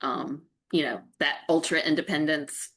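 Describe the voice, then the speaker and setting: Earnest middle-aged woman, low voice. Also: fairly bright tone. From North Carolina, USA. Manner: earnest and reflective, halting restarts. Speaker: guest. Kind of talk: candid personal storytelling.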